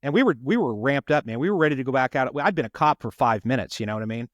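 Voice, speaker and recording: A man with a voice of ordinary middle pitch tells a long story in an earnest way and doubles back on his words. The sound is dry and close, with no room around it. He talks like a police officer chatting on a podcast. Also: animated, fast, no room sound. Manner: earnest, repeats words while retelling a story. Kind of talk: conversational storytelling.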